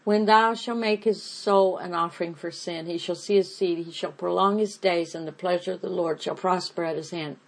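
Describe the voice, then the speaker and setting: A woman teaching a Bible study, reading scripture aloud and then explaining it in plain, unhurried words. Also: on the low side, fairly even intonation, rough recording.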